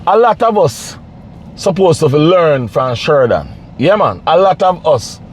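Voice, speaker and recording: A man's voice: on the high side, very animated, a little slow, a little hiss or hum. A man giving casual, pleading commentary to camera, repeating himself and preaching. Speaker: vlogger.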